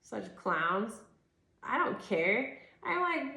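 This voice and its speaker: A woman's voice: on the high side, measured pace, sharp tone. Exasperated, swearing woman in an echoey room. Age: 30s. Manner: rambling, exasperated and profane, full of "like". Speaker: tarot reader. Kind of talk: casual tarot reading rant.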